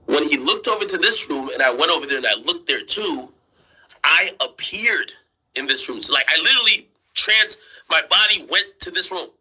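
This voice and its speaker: On poor audio, a man's voice on the high side comes across sharp and slightly rough, with lively intonation at normal speed. He's a streamer and commentator sketching on screen as he tells viewers a story in casual chat, insistent, repetitive and freely swearing.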